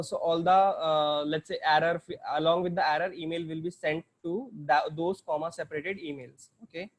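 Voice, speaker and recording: A man with an Indian English accent walking through a software demo on a screen share, hesitant, with many fillers and restarts. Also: on the high side. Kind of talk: screen-share tutorial walkthrough.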